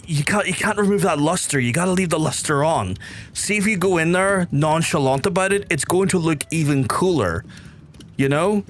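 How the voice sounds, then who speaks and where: A man from Belfast with a softened Belfast accent, streaming a game and chatting casually with viewers in a rambling way, repeating phrases and swearing now and then. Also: on the high side, moderate pace, a little hiss or hum. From Belfast, Northern Ireland. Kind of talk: casual livestream chat with viewers.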